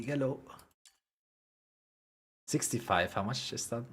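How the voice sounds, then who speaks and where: A man's voice: fairly low pitch, moderate pace, a bit bright, breathy edge. A young man with a German accent, chatting casually and bluntly with his viewers while gaming, joking and swearing now and then. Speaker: game streamer.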